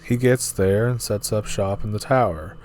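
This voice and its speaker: A man with a fairly low voice retells eerie stories from an online forum in a relaxed, offhand way, dropping his own asides between the lines. A faint hiss sits under the recording. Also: moderate pace. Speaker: storyteller reading forum stories. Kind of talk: reading scary stories aloud.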